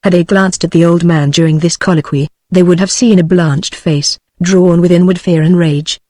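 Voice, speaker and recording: A woman's voice: on the low side, no room sound. British-accented synthetic woman narrator. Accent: British English. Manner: even, measured text-to-speech reading. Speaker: audiobook narrator.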